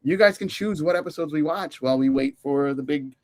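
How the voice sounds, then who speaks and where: A man's voice: fairly high pitch, fairly quick. A man from Germany co-hosting a podcast, chatting enthusiastically and repeating catchphrases. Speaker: podcast co-host. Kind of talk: casual chat.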